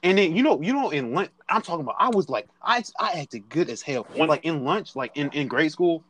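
A man's voice: a little high, expressive, brisk, fairly bright tone. A young man casually telling a rambling, slangy story to friends and acting out the people in it. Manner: slangy, rambling, acts out quotes. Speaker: storyteller in group chat.

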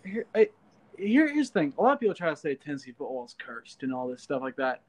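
A man, his voice sitting a little high, talks sports in a relaxed, reflective way. He works through his argument with loose "like" asides. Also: fast. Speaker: podcast co-host. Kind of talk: casual sports talk.

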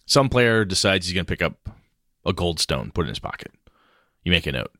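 Deep male co-host, casual tabletop chatter, dry close mic. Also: a little fast, dry recording. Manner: animated, acts out players' lines, swears casually. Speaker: game master podcast co-host. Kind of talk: casual chat about tabletop games.

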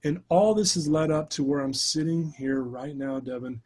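Brief: middle-aged male guest, husky, slightly high voice, animated storyteller. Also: normal speed. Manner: animated storyteller who addresses the host by name. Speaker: guest, life coach and motivational speaker. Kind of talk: conversational storytelling in a podcast interview.

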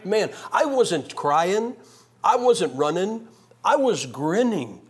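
A man preaching a revival sermon, telling his own testimony in an animated storytelling way that swings from loud to hushed. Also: high-pitched, slow, breathy edge.

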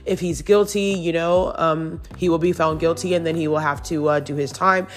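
A woman's voice: deep voice, fairly even intonation, moderate pace, faint music behind. Chatty woman hosting celebrity gossip news. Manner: chatty, giggly, reads news aloud and adds opinions. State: recovering from lost voice. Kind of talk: casual gossip news commentary.

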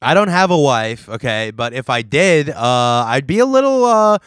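A man's voice: mid-range voice, very animated, moderate pace, a bit bright, clean tone, no room sound, clean studio sound. A man co-hosting a casual comedy chat, playful and reading out posts. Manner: playful, reads from a forum, laughs along. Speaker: podcast co-host.

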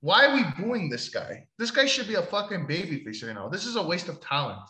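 Animated man with a bright voice. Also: high voice, brisk, roomy sound, low-quality recording. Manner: animated, swearing, jokey. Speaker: podcast co-host. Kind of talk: casual chat.

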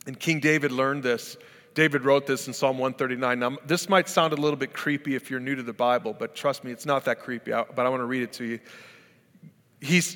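A man's voice: mid-range voice, fairly bright tone. Conversational man preaching with long reverb. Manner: conversational, storytelling with acted-out quotes. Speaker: pastor. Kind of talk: sermon.

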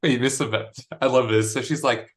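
A woman's voice: a bass voice, steady tone, a little fast. A woman co-hosting a casual podcast, laid-back, chiming in with short comments and stories. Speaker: podcast co-host. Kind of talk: casual chat.

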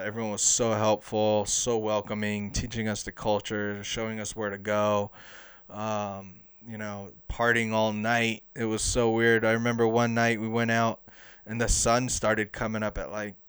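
A young man telling stories to camera in an excitable, chatty way, with plenty of fillers. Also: lowish voice, clean tone. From United States. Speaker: soccer fan. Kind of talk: casual storytelling to camera.

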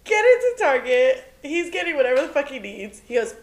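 A young woman co-hosting a podcast, telling a story in casual chat, animated and cursing freely, laughing as she goes. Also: sits high, brisk, slight background noise. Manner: animated, swears often, laughs through her story. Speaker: podcast co-host.

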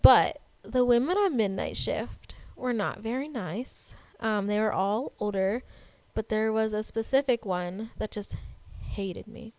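Chatty young woman with a smooth voice. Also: medium pitch, measured pace, no echo. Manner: chatty, animated storytelling with laughs and "like" fillers. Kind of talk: casual chat, storytelling.

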